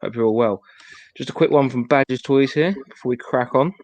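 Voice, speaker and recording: A man's voice: medium pitch, a little fast, darkish tone, dry recording, dull audio. A man co-hosting on a video call, making wry quips and greeting the chat. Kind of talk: casual banter on a video call.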